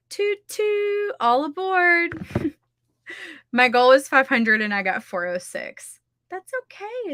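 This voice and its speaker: Woman, livestream host, chatty, scattered, laughs a lot, slow relaxed pace. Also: mid-range voice, no echo, studio quality. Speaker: livestream host running writing sprints. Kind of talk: casual chat to a live audience.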